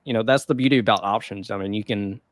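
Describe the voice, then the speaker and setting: A man's voice: fairly low pitch, fast, dry recording. Chuckling man co-hosting, dry sound. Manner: chuckles often, loose and rambling with fillers. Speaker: podcast co-host. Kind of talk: casual chat about the stock market.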